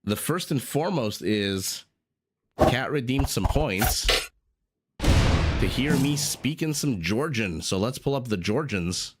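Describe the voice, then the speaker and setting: A man's voice: mid-range voice, lively intonation, slow, background noise. A man casting a strategy game live on stream, playful and chatty, coughing along the way. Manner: playful, chatty, teasing himself. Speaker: esports caster. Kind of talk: live game commentary and casual stream chat.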